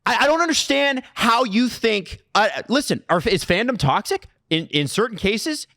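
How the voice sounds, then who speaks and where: A man's voice: very high voice, expressive, moderate pace, bright, forceful tone, dry recording, studio quality. A man ranting as co-host of a sports podcast, impassioned and exasperated, swearing often. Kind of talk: heated sports podcast rant.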